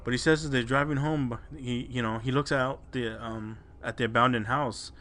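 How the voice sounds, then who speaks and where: A man's voice: mid-range voice, fairly even intonation, moderate pace, bright, forceful tone. A man co-hosting a podcast, casually retelling a listener's scary story with swearing and restarts. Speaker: podcast co-host.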